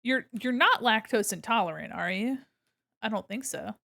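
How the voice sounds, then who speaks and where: A young woman streamer chatting casually with her viewers while she draws, animated, laughing often and swearing freely. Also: fairly high pitch, moderate pace, vocal fry. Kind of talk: casual chat with a live stream chat while drawing.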